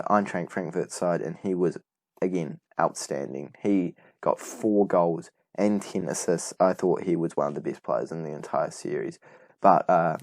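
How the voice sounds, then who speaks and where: A man's voice: deep voice, a little mellow, no echo. A young man casually commentating on a football management game, rambling and correcting himself as he goes. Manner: rambling, self-correcting, enthusiastic. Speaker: gaming YouTuber.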